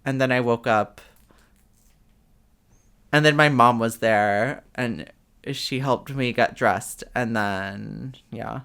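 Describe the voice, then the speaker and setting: A woman's voice: rumbling low, takes it slowly, gravelly, long pauses, a bit bright, clear, resonant tone. A woman co-hosting a podcast in casual chat, hesitant and rambling with lots of fillers and restarts. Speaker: podcast co-host.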